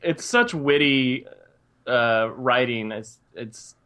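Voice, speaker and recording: A man joins a casual podcast film chat, speaking enthusiastically in quick bursts with the odd laugh. His voice has an ordinary mid pitch. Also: pushed and bright, clear, resonant tone. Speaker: podcast co-host. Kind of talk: casual movie review chat.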